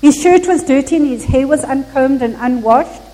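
A woman preaching a Christmas sermon, telling a story in an earnest, measured way with occasional slips. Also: high voice, dark tone, in a large hall, poor audio.

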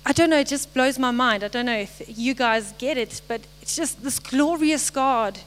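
A woman's voice: high voice, fairly bright tone, clean tone, poor audio. Earnest young woman giving a devotional. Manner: earnest, halting, apologetic. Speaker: lay speaker. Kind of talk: short devotional message.

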